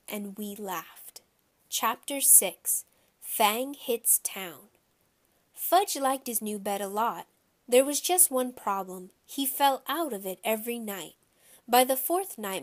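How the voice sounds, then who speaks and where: A woman narrating a children's audiobook in a lively first-person storytelling voice. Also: medium pitch, a little slow.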